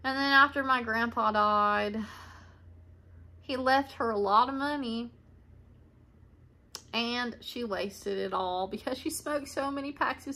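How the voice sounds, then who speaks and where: A woman's voice: a little high, pushed and bright. A woman in her twenties telling a rambling family story to camera, chatty and laughing often. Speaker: vlogger. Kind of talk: casual storytime monologue. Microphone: camera mic.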